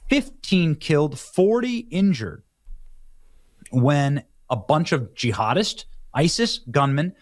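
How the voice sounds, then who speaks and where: A man giving live-stream political commentary in an animated, sarcastic, theatrical way. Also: a little high, slow pace.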